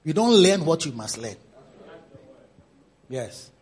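A pastor preaching a sermon in a teasing, repetitive style. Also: male voice, fairly high pitch, sing-song, slow, darkish tone, husky.

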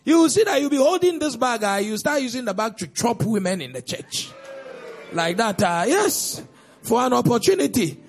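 A man preaching a sermon as pastor, with pointed rhetorical questions and sudden loud outbursts. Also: high-pitched, very animated, normal speed, soft background music.

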